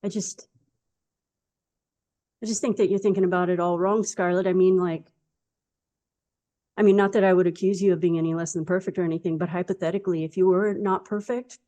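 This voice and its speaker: A woman's voice: fairly low pitch, fairly even intonation, fairly quick, long pauses, mellow. A woman playing a tabletop role-playing game, talking in character in an earnest, rambling way full of fillers. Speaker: player.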